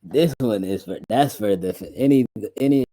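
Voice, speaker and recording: A man's voice: fairly low pitch, normal speed, dark tone, dry recording. A man who makes beats, casually chatting on his stream about his old producer tags, rambling and restarting his sentences. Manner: rambling, restarts often, laughs while telling stories.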